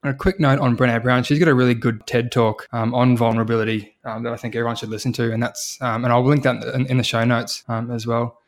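A man's voice: medium pitch, level tone, quick pace, few pauses. A man hosting a casual podcast, easygoing, with many fillers and restarts. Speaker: podcast host.

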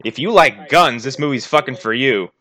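A man's voice: medium pitch, animated, normal speed, bright, forceful tone. A man casually reviewing a movie on a podcast, wry and sarcastic, with frequent swearing. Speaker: podcast co-host.

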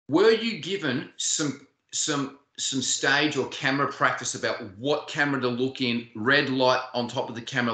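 A man's voice: mid-range voice, sharp tone, echoey room. A man hosting an interview, rambling and stacking several questions at once. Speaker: interviewer host.

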